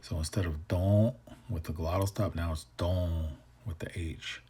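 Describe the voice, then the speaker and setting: A man's voice: sits low, fairly even intonation, measured pace, dark tone, slightly rough. A man teaching language grammar in a casual way, thinking aloud and sometimes dropping to a whisper to say example words. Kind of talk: explaining grammar with slides.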